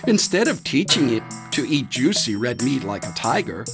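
A storyteller reading a children's animal fable in an animated, expressive way, with dramatic pauses. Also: medium pitch, over music.

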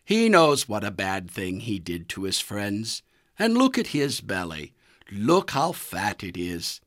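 A man voicing a calm, kindly male horse who talks gently. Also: lowish voice, slow, no room sound, clean studio sound, exaggerated voice.

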